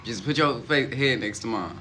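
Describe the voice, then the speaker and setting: A young man teasing his uncle on a livestream in a calm, dry way. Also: mid-range voice, normal speed, a little hiss or hum.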